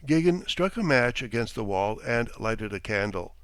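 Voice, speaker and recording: Expressive male audiobook narrator. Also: mid-range voice, normal speed, few pauses, clear, resonant tone, no echo. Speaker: audiobook reader.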